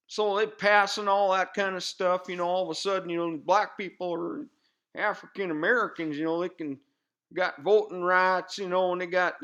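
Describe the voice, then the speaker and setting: A man playing a loud-mouthed, bigoted redneck commentator with a rural Southern US accent, rambling in a folksy drawl full of fillers on a comedy news show. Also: high voice, smooth, lo-fi sound. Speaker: satirical news pundit. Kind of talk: comedic character monologue.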